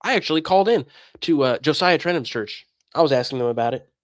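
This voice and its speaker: A man in a casual commentary rant, his slightly high voice swinging widely as he mocks and scoffs. The sound is dry and close, with no room around it. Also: fast, dry recording. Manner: animated, sarcastic, mocking. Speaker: streamer, commentator.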